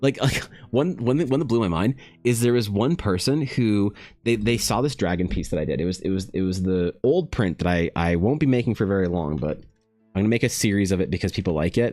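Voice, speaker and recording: A young man casually telling a story to his stream chat, animated and prone to exasperated outbursts. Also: no room sound. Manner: animated, trails into high exasperated rants.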